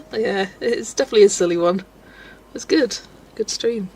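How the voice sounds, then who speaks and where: A woman's voice: a little high, sing-song, normal speed, darkish tone, slight background noise. A woman chatting casually at home while colouring on a livestream, answering chat and often breaking into giggles. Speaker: livestream host.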